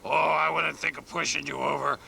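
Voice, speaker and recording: A drowsy, muddled bear creaks and rumbles through each slow word, as a man acts him out. His gravelly voice stays bright and ringing despite the grit, and he keeps wondering aloud what on earth is going on. A faint hiss sits under the recording. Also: little pitch movement, exaggerated voice. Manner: slow, wondering, muttering to himself. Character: bumbling, puzzled male bear just woken from hibernation.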